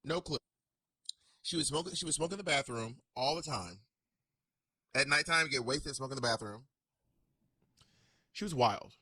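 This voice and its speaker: A man co-hosting a casual chat show, telling gossipy stories in an animated way. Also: mid-range voice, normal speed, long pauses, no echo. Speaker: podcast co-host.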